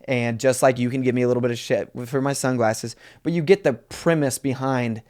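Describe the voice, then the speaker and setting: A young adult man co-hosting a comedy podcast, telling stories in a relaxed way and teasing playfully in casual banter. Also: medium pitch, fairly quick. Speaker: podcast co-host.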